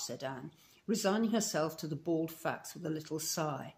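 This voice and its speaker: A woman's voice: low voice, animated, normal speed, a little mellow. A woman with a Scottish accent narrating a children's classic as a volunteer reader. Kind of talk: storybook read-aloud narration.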